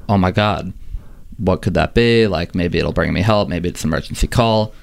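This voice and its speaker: A man voicing a desperate wanderer lost in the desert, speaking lower and wearier than his narration. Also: moderate pace, vocal fry. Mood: desperate, disbelieving.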